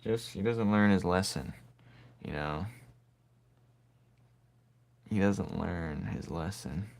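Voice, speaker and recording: A man's voice: low voice, takes it slowly, gravelly. A man giving casual commentary while he draws, laid-back and teasing, talking to himself as he works. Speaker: artist drawing on camera.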